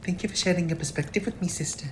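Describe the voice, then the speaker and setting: A woman's voice: lowish voice, very fast, a little hiss or hum, close to an everyday voice. A woman voicing a polite, curious young woman in a game. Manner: polite, inquisitive.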